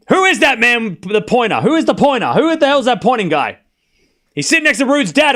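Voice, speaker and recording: A male streamer, an excitable watchalong host, gives casual play-by-play of a tennis match live. His fairly high voice swings lively in pitch, and he tosses out quick jokes between points.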